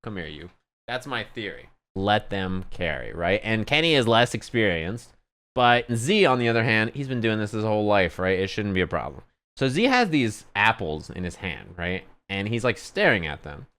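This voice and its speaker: A male streamer tells a story in a casual, animated way, cursing freely and checking in with his listeners. His voice is low and smooth, with a clean, resonant tone. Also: moderate pace. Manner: animated, profane, conversational storytelling. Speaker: streamer and commentator.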